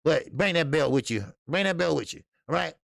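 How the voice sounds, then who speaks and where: A man's voice: fairly high pitch, animated, brisk, vocal fry, a bit bright, dry recording, clean studio sound. A man hosting a casual boxing livestream who talks bluntly and profanely, laughs often and rambles with lots of fillers while reading viewers' chat. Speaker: boxing channel host.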